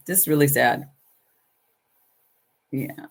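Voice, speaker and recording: Speaking at a moderate pace in a low-pitched, expressive voice, a middle-aged woman hosts a laid-back crafting livestream. She addresses viewers by name as she works on her journals.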